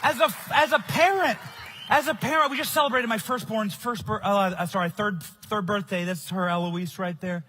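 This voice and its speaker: A young man giving a loud, emphatic political rally speech at a conference. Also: high-pitched, steady tone, normal speed, faint music behind. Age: young adult. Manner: loud, shouting, emphatic delivery. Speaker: conference speaker. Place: conference stage.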